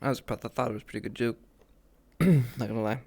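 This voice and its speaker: A man's voice: medium pitch, fairly quick, creaky, darkish tone, breathy edge. A man live streaming, telling stories in casual chat, laughing and swearing often.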